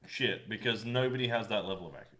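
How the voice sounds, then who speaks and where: A young man with a lowish voice in a casual chat about video games. He comes across as dry and sardonic and swears casually. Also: rapid-fire, pushed and bright. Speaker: podcast co-host.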